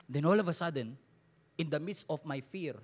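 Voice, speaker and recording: A man with a Filipino accent preaching a Taglish sermon as pastor, swinging from shouted emphasis to hushed, quiet lines. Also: fairly high pitch, fairly quick.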